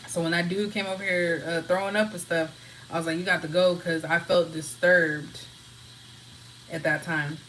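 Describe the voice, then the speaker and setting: Relaxed woman chatting to her viewers. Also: on the low side, moderate pace, slight background noise, rough recording. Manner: relaxed, talks freely, answers chat comments. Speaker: livestream host. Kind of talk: casual rambling chat with viewers. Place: at home.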